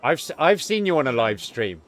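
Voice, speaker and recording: A man's voice: mid-range voice, sing-song, fairly quick, a bit bright, soft background music. A man, cracking crude teasing jokes in casual podcast banter. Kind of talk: casual chat.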